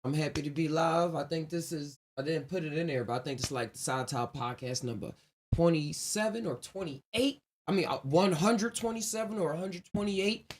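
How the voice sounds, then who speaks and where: A podcast host livestreams his own show solo, chatting casually in a loose, rambling, reflective way and laughing often. His voice is on the high side at a normal speed, with slight background noise.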